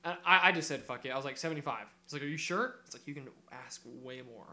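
Bright-voiced young man telling a wild story. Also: mid-range voice, quick pace. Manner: animated, swears a lot, acts out quotes. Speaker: podcast co-host. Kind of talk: casual storytelling chat.

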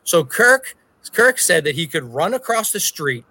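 A man's voice: fairly high pitch, sing-song, measured pace, bright, forceful tone, dry recording. A man co-hosting a podcast, telling a story in a profane, ranting casual chat. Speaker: podcast co-host.

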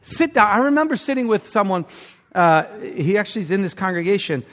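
A male pastor preaching a sermon with passion, climbing to emphatic peaks and then dropping low and quiet. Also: expressive, a little fast, long reverb tail.

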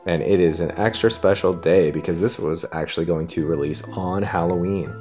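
A woman with a strikingly deep voice reads a picture book aloud to a child, playful and coaxing. The recording is dull and lo-fi, with soft music underneath. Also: normal speed. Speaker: host and story reader.

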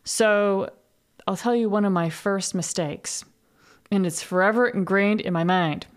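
A woman's voice: mid-range voice, unhurried. Woman podcast host, casual monologue, candid, swears, laughs at herself.

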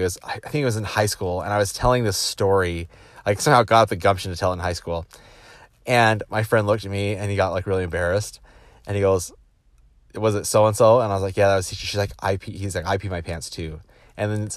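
Man, executive type, low voice, dry close sound, animated storyteller who mimics the people he quotes. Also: no echo. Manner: animated, acts out quoted voices, frequent restarts. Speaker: business executive giving a motivational talk. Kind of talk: casual motivational storytelling.

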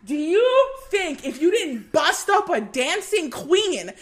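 A woman with a high, lively voice holds forth in a casual podcast chat. She rants with big swings in her delivery and swears freely. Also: slow. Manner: animated, ranting, swears freely. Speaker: podcast co-host.

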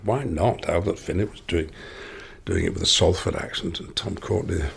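An older man from Lancashire with a Lancashire accent, a guest giving reflective interview answers, musing and halting with many restarts. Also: low-pitched, gravelly, slightly rough. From Lancashire, England.

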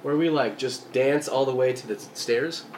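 A man's voice: mid-range voice, moderate pace, background noise. A man playing a tabletop game, upbeat and nudging the group along. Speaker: player. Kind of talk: casual tabletop play.

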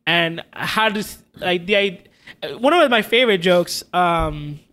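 Bright high-voiced man chatting about a film. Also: slow pace. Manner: animated, acts out quotes in a higher voice. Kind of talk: casual movie discussion.

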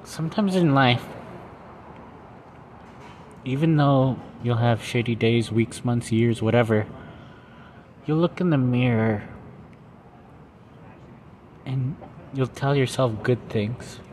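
Man, podcast host, earnest reflective monologue, halting, steady mid pitch, road noise behind. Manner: earnest, halting, with fillers and restarts.

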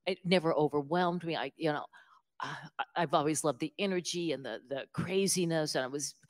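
A middle-aged woman with a Southern Appalachian accent, telling stories in a casual interview, animated and self-deprecating with many restarts. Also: sits low, brisk. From West Virginia, United States. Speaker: author interviewed as guest.

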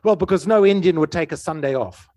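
A man's voice: fairly high pitch, fast talker, a little mellow, no room sound, close to an everyday voice. A man voicing a cheerful, unbothered elderly father who breezily waves away every worry in a retold joke.

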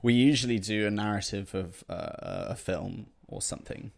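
A man's voice: fairly low pitch, animated, moderate pace, creaky. A man co-hosting a comedy podcast, narrating an improvised story and laughing often.

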